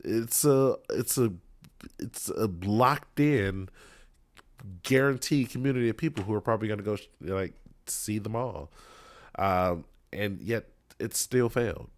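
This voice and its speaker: A man's voice: fairly low pitch, a little slow, no room sound. Man, thirties, casual reaction commentary, jokey, lots of fillers, dry sound. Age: 30s. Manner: rambling, jokey, with many fillers. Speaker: reaction video host.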